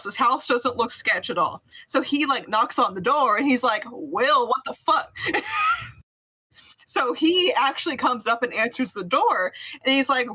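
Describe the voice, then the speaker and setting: Bright, high-voiced woman telling a story. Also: rough recording. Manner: animated, laughing often, heavy swearing. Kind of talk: casual storytelling with friends.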